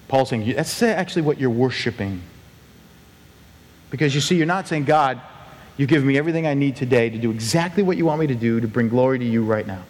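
A man preaching a sermon as pastor, animated and acting out quoted voices with big pitch swings. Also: fast, in a large hall.

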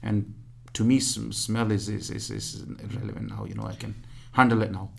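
A male charity fundraiser, a guest, telling earnest stories in a casual interview, halting with many restarts. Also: lowish voice, flat delivery, vocal fry, darkish tone, a little hiss or hum.

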